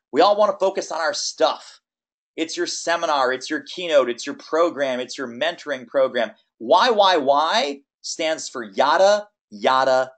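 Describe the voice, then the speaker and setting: A man coaching speakers on a webinar, energetic and emphatic, stacking lists and repeating phrases. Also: a little high. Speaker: business coach. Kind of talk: webinar teaching.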